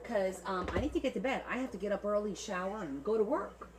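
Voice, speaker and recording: A woman's voice: medium pitch, fast talker, crowd noise, poor audio. A woman with a New Jersey accent, hosting a casual livestream and joking with her viewers. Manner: animated and joking, chatting with viewers. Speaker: livestream host.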